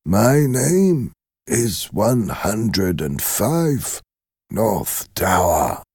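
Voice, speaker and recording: Male reader as frail elderly prisoner, faint and faltering, very slow delivery. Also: on the low side, big pitch swings, dark tone, slightly rough, no echo, clean studio sound, pitched above the performer's own voice, heavily acted. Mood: dazed. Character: frail old male prisoner, confused and weak.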